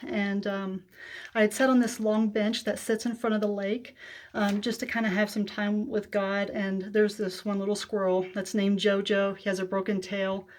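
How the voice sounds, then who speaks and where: A woman telling viewers a personal faith testimony, soft-spoken and emotional, pausing often with hesitant fillers. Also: mid-range voice, level tone. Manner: emotional, close to tears. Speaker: faith vlogger.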